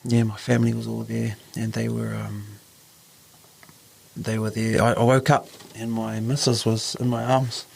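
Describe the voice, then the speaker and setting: A New Zealand man with a gravelly, creaky voice tells an earnest personal story on a podcast. His pitch sits in an ordinary middle range for a man. He acts out the voices of the people in his story as he goes. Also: little pitch movement, normal speed, a little mellow, slight background noise. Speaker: podcast host.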